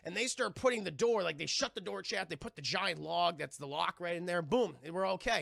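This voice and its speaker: Gravelly, high-voiced male streamer. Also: no room sound, clean studio sound. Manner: animated, profane, quick voices for characters. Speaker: live streamer and film reviewer. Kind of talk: casual scene-by-scene film retelling.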